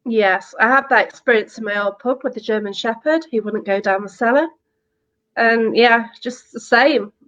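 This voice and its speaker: Host: British woman, high bright voice, friendly and chatty, dull lo-fi stream audio. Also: normal speed. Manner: friendly, laughs often, greets viewers. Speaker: podcast host. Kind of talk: casual live podcast chat.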